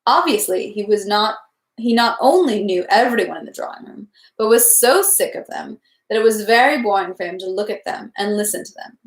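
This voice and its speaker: A woman's voice: mid-range voice, lively intonation, brisk. A woman reading a classic novel aloud, carefully, stumbling now and then over French words. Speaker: reader. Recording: echoey room.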